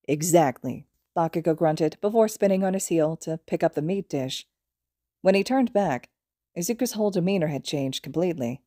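A woman narrating fan fiction as an audiobook, in a calm, even storytelling manner. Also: on the low side, brisk, dry recording, clean studio sound. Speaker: podfic reader.

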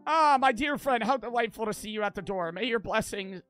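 A man's voice: high voice, animated, fairly quick, a bit bright, faint music behind, voice pushed up. A man doing a pompous drawling priest. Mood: preachy. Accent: put-on American country drawl. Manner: grand, preachy.

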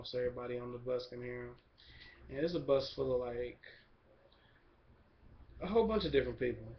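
A young man giving a relaxed, rambling video update, full of fillers and shout-outs. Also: mid-range voice, slight background noise. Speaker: vlogger. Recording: dull lo-fi camera recording.

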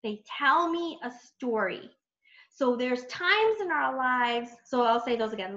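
Chatty lady coach on a training call, kinda high voice, lots of ums, sounds muffled. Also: a little slow. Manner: chatty, animated, many fillers and quoted self-talk. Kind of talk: casual training talk.

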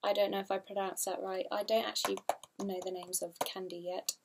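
A woman's voice: mid-range voice, level tone, a little fast, gravelly, background noise. A young woman, chatting casually through a haul video, rambling and giggly, unsure of product names. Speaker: vlogger.

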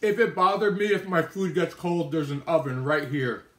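Guy talking with his mouth full on a live stream, kinda high voice, roomy echoey sound. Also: normal speed. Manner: talks with his mouth full, chatty, answers viewer comments. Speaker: livestream host eating on camera. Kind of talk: casual live-stream chat while eating. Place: indoor kitchen with oven and microwave.

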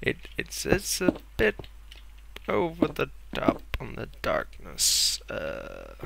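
A man's voice: mid-range voice, wildly swooping pitch, slow pace, gravelly, very noisy. A young man rambling and mocking himself as he plays a block-building game. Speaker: gameplay commentator. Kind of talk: casual Let's Play commentary.

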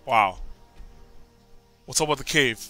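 Excitable joking man playing a game. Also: mid-range voice, takes it slowly, faint music behind. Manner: excitable, jokey, talks back to game characters. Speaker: gameplay commentator. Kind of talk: joking gameplay commentary.

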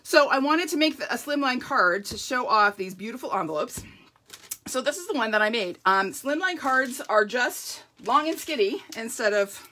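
A bright-toned woman leads a live crafting demo from her home craft room. She chats casually and laughs often, and her voice is a little croaky from a runny nose. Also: a little high, lively intonation, normal speed. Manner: chatty, laughs often, says "like". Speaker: papercraft demonstrator.

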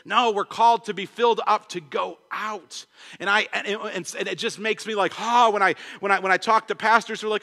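Young guy preaching, high bright voice, fired up and tripping over his words, church hall echo. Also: steady tone, creaky. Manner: passionate, fast-talking preacher with many restarts and acted quotes. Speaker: pastor. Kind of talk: sermon. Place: church sanctuary. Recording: long church hall reverb.

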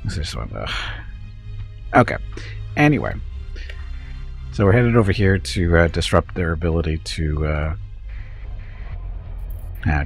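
In casual gameplay chat, a gravelly, low-pitched man tells a rambling home story while streaming a strategy game, chuckling often, then explains his moves.

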